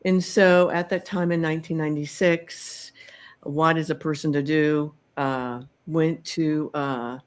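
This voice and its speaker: A middle-aged woman hosting a podcast, telling a personal story in a slow, reflective way with many pauses and ums. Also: low-pitched. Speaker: podcast host telling her own story.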